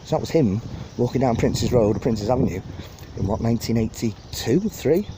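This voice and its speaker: A man's voice: mid-range voice, normal speed, noisy background. A man gives a rambling, chatty walking tour of a park, talking into a phone and laughing at his own jokes. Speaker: vlogger giving a park tour. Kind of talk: casual walking tour narration. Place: outdoors in a city park. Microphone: phone held while walking.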